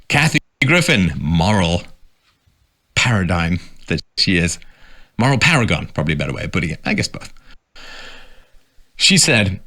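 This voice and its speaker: A man's voice: deep voice, very animated, moderate pace, pauses often, pushed and bright. A man giving sarcastic political commentary, reading out quotes and mocking them.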